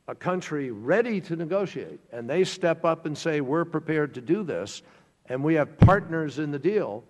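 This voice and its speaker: A man gives formal testimony at a committee hearing. He speaks in a measured way, pausing on fillers and repeating words as he looks for the next phrase. The big hearing room puts a long reverb on his voice. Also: on the high side. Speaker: government official answering questions at a hearing.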